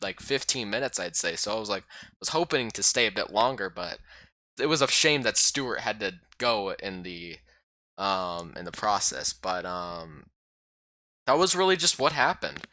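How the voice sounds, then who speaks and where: A man casually recapping a game he played as a YouTuber, rambling and excitable with lots of fillers. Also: lowish voice, moderate pace, no echo.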